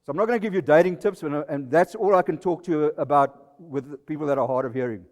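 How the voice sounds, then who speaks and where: At a live presentation night, a South African man in his sixties gives a comic talk that mocks himself. His voice is a little high and a little mellow, his pace quick. The recording is reverberant, made in the venue hall.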